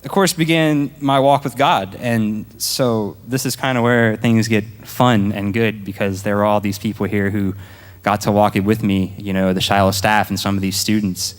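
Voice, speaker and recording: A man's voice: lowish voice, steady tone, normal speed, big-room sound. A young man tells his personal testimony to a church congregation in a casual storytelling way. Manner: casual, storytelling, acts out his past self. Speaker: church speaker giving testimony.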